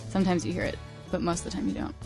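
A woman guest musician in casual chat, talkative and quick to laugh. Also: fairly low pitch, level tone, gravelly, music in the background. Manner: laughs easily, chatty and playful.

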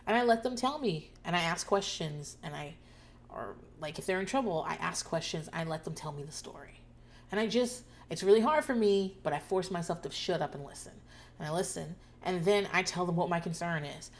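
Woman, podcast host, loud, animated, profane, lowish voice. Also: brisk. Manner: loud, animated, profane, acts out people's lines in shouts. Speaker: podcast host recapping a TV show. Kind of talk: casual chat.

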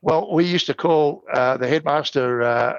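An older Australian man as an interview guest, genial and measured, pausing to think. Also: fairly high pitch, clean tone, dry recording, lo-fi sound. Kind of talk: casual interview chat.

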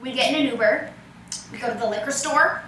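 A young woman co-hosting a podcast, telling a story in casual chat, quick and laughing as she quotes others. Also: a little high, fairly bright tone, a little hiss or hum. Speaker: podcast co-host. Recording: echoey room, mic at a distance.

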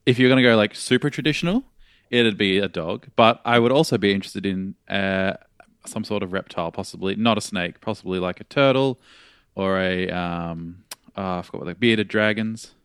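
A man co-hosting a casual podcast chat, teasing with deadpan quips. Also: on the low side, normal speed, clean tone, no echo, clean studio sound. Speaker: podcast co-host, audio engineer.

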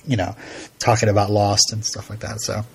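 A man's voice: fairly low pitch, level tone, moderate pace, creaky, darkish tone, a little hiss or hum. A man co-hosting a podcast, chatting casually and telling rambling stories, laughing often and acting out quotes. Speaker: podcast co-host. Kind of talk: casual chat.

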